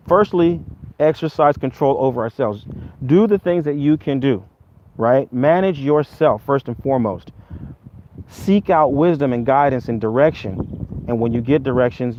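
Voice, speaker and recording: A man teaching through a spiritual story in an animated storytelling style, often repeating words as he goes. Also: medium pitch. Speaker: Ifa teacher. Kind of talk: storytelling lesson. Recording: dull lo-fi audio with faint noise.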